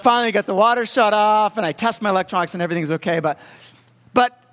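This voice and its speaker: A young man with a fairly high voice delivers a storytelling sermon, chatty and halting, full of "uh" and restarts. His voice trails off into a long hall reverb. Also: fairly bright tone. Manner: conversational, halting with fillers. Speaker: pastor.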